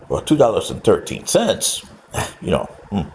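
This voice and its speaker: A man's voice: deep voice, huge pitch swings, unhurried, a little mellow. An older man giving a rambling, scolding lecture-style monologue straight to the camera. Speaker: vlogger.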